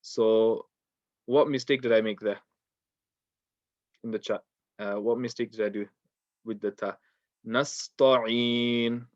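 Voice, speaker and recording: A man's voice: lowish voice, fairly even intonation, unhurried, pauses often, a little mellow, dry recording, lo-fi sound. A man teaching an online Quran recitation class, patient and repetitive, with frequent ums and uhs.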